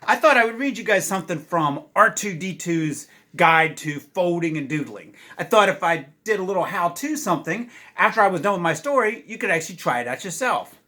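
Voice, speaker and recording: A man's voice: sits high, a little fast, hardly any pauses. A man, a children's book author, chatting casually with young readers and reading aloud from his own book. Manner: animated, chatty, many uh fillers.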